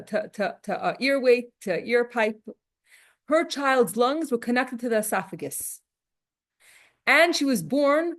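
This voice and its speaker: A woman teaching a Torah class in a casual lecture style, telling personal stories and repeating phrases for emphasis. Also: fairly high pitch.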